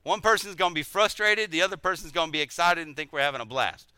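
Bright-voiced man teaching a sermon. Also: a little high, quick pace, clean tone, no room sound. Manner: conversational, animated, self-deprecating, repeats words.

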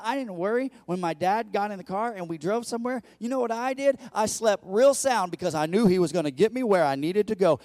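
A man preaching a lively sermon in a fairly high voice. He swings from loud, climbing peaks down to quiet asides and stumbles over repeated words as he builds momentum. The sound is close and dry. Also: dry recording. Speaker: pastor.

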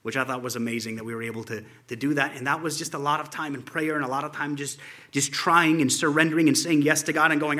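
Man, bright tone, loose storytelling, frequent chuckles, informal tribute. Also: fairly high pitch, fairly even intonation, fast. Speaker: church friend presenting a photo slideshow. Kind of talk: informal spoken tribute to friends.

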